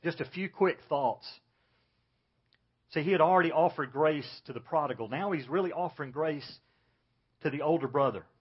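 A pastor preaching an earnest sermon, dropping low and soft to stress his points. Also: moderate pace, pauses often, husky, muffled recording.

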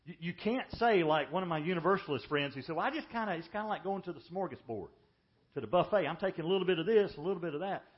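Male pastor, higher-pitched voice, emphatic sermon delivery with hushed drops, muffled recording. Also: animated. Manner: emphatic preaching, drops to hushed, slow lines for weight. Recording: dull lo-fi sermon audio.

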